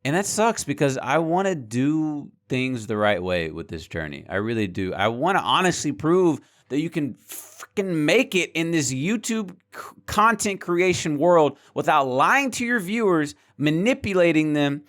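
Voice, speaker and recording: A man's voice: fairly high pitch, a bit bright. A man talking candidly to his viewers in a vlog, frank and heated, swearing freely and repeating words as he gets worked up. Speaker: small gaming YouTuber and streamer. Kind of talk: candid vlog rant to camera.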